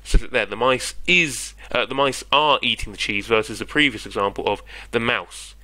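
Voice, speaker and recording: A British-accented man with a mid-range, sharp voice tutors grammar in an online lesson, explaining patiently at a moderate pace and checking in with "yeah?". The recording is rough but has no echo.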